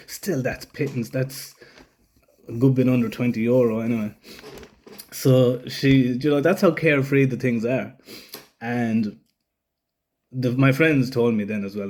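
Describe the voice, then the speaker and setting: A man's voice: mid-range voice, moderate pace, darkish tone. Man telling a rambling story. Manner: rambling, swears freely, acts out other people's lines. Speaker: vlogger. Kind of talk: casual storytelling.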